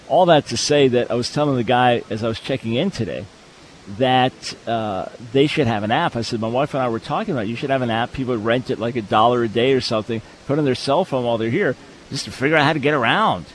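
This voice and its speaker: A man hosting a live call-in radio show, talking in an energetic, emphatic, preacherly way. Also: medium pitch, fast, slight background noise. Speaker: radio talk show host. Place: hotel convention venue.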